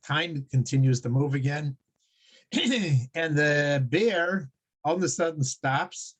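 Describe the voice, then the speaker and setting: A man teaching a Torah class, telling stories in a halting way with many restarts and frequent chuckles. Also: fairly high pitch, expressive. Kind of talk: religious class with storytelling.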